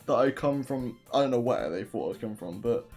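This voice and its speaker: A man's voice: mid-range voice, lively intonation, fairly quick, a little mellow, soft background music. A young man from England with a southern English accent, chatting casually and joking while streaming a game. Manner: joking, rambling, swears freely.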